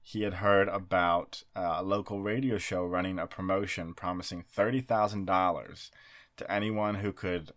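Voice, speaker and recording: A man's voice: low voice, fairly even intonation, normal speed, a bit bright. A man co-hosting a podcast, telling a story in casual chat with frequent laughter. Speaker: podcast co-host.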